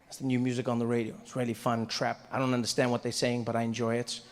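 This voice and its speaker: A young South African man performing stand-up comedy on a club stage, animated and jumping into character voices. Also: mid-range voice, fast, long reverb tail.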